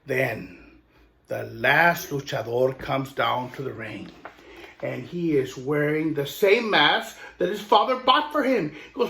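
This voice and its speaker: A man telling a children's story aloud in a lively, expressive way, with playful asides. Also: mid-range voice, slow pace, vocal fry. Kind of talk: oral storytelling.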